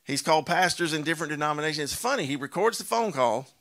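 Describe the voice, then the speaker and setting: A man preaching a sermon, drawing out key words slowly for emphasis and asking rhetorical questions, telling stories with animation. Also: fairly high pitch, animated, a bit bright.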